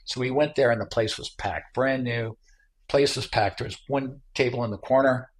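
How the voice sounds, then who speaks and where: A man's voice: mid-range voice, normal speed. A middle-aged man from Michigan spins a long anecdote as a podcast guest. He talks casually, full of fillers and restarts, in an ordinary mid-range voice. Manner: animated anecdote teller with many fillers. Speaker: podcast guest, tech entrepreneur. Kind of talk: casual storytelling interview.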